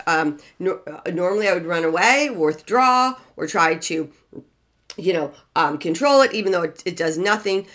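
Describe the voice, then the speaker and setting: A woman's voice: lowish voice, normal speed, a bit bright. A middle-aged woman hosting a relationship podcast, talking emphatically in a preachy, motivational way and repeating key phrases.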